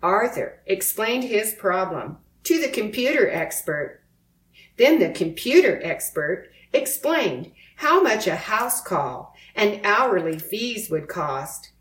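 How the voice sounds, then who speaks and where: A woman narrates a children's storybook in a clear, unhurried way, taking her time over each line. Her voice sits at a middle pitch, and the recording has a roomy echo around it. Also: sing-song, fairly bright tone. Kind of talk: children's storybook read-aloud.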